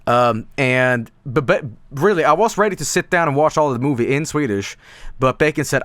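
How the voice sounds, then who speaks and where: A man streamer talking casually at a mid pitch, rambling through fillers, false starts and the odd curse. The sound is dry and close, with no room around it. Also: expressive, brisk, a bit bright, no echo. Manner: rambling, many fillers and restarts, swears casually.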